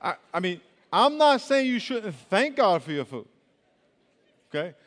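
Brief: young male youth pastor, high voice, lively casual preaching, hall echo. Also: measured pace. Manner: animated storytelling, swings from loud to hushed; colloquial, says y'all. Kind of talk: sermon. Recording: long reverb of a large hall.

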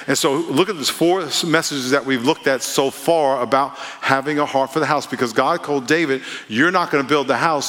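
A man's voice: medium pitch, a bit bright. A pastor delivering a conversational sermon, joking and leading call-and-response with his congregation. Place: church sanctuary. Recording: long hall reverb.

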